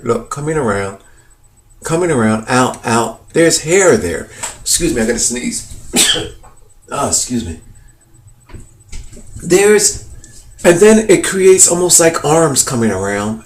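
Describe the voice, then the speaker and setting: A man excitedly pointing out hidden faces in pictures to his viewers, rambling with many fillers and repeats. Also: mid-range voice. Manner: addresses viewers as "people". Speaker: video host. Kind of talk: excited conspiracy commentary over images.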